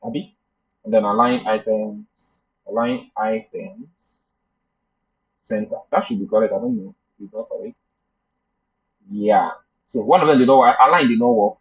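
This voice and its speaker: A man's voice: medium pitch, husky. A man teaching a live coding class, thinking aloud as he debugs and chatting with his students. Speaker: coding instructor. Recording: muffled lo-fi class recording.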